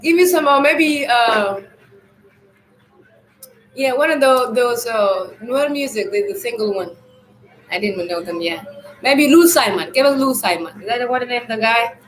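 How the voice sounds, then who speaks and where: A woman hosting a live stream, giving a loose, rambling spiritual talk in a loud voice, often clearing an irritated throat and addressing viewers as family. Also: a little high, animated, moderate pace, pauses often, roomy sound, low-quality recording.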